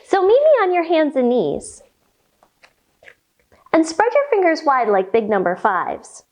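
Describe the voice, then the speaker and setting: A woman leads a children's yoga storytime, reading a picture book and guiding poses. Her voice sits high and swings widely in pitch, playful and instructive. She speaks slowly and gently, giving the children time to follow. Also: very animated.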